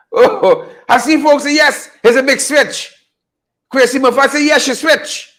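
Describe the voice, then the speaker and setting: A man's voice: very high-pitched, fairly bright tone. A man hosting a casual political commentary show, teasing, laughing often and repeating his phrases. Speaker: host.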